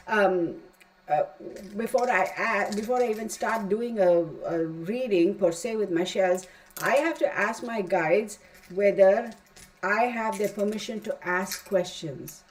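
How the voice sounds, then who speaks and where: Middle-aged woman tarot reader, mid-pitched, talky and rambling, firm advice. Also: moderate pace, rough recording. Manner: chatty and rambling, emphatic asides. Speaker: tarot reader teaching a class. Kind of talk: casual spoken class.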